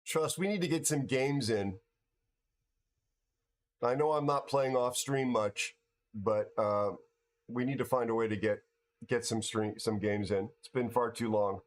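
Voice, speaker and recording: Tired, halting man chatting. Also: medium pitch. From United States. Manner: halting, repeats words and restarts often. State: tired from no sleep. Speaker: livestream host. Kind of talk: casual chat with viewers.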